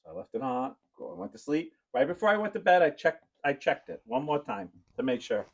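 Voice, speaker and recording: A man co-hosting a podcast, telling a long story in casual chat and now and then breaking into high squeals. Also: sing-song, fairly quick, gravelly. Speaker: podcast co-host.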